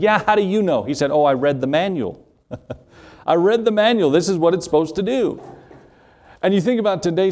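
Mellow-voiced man preaching a sermon. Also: mid-range voice. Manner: asks the congregation rhetorical questions, slows for emphasis. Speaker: pastor.

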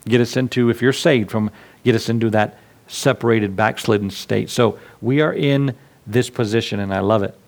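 A man's voice: lowish voice, normal speed. A man preaching a sermon to his congregation in a conversational way, acting out little scenes with asides. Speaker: pastor.

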